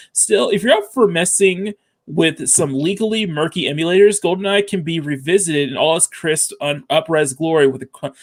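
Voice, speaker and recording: A man co-hosting a live-streamed talk show, reading articles aloud and chatting with frequent restarts. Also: on the high side. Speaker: co-host. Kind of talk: casual chat on a live stream. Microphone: remote call mic.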